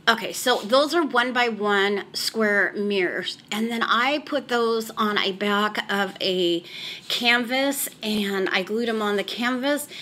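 A woman's voice: mid-range voice, fairly bright tone, a little hiss or hum. A middle-aged woman giving a casual tour of her family room, chatty and rambling, recorded on a handheld camera she carries around. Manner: chatty, rambling, frequent "so anyhow". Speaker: home decor vlogger.

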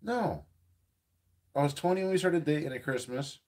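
A man's voice: on the high side, expressive, normal speed, a little mellow. A man joining his wife's casual live stream, trading teasing jokes and banter. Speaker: co-host, host's husband.

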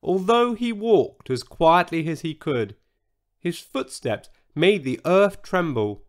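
Slow, animated male storyteller. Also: a little high. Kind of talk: scripted children's story narration.

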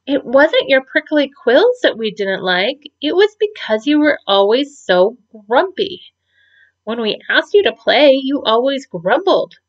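Woman doing an outspoken kid raccoon for a storybook, raised pitch, lo-fi sound. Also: sing-song, measured pace. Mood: frank. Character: frank young raccoon classmate. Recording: dull lo-fi recording.

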